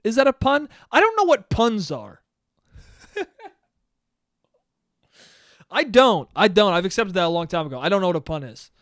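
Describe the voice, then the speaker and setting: A young man talks alone into the mic, his voice sitting high and loose as he swears and rambles through his own casual podcast. He keeps making fun of himself. The sound is close and dry with no room around it. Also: sing-song, moderate pace, long pauses, a bit bright, no echo. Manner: profane, rambling, self-mocking. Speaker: podcast host. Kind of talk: casual solo podcast chat.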